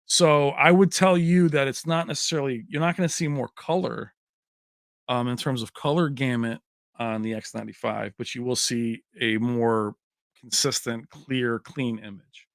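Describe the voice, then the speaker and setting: A man's voice: mid-range voice, steady tone, normal speed, dry recording, clean studio sound. A man hosting a tech livestream in a casual, chummy way, chatting with viewers and calling them baby. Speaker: tech channel host.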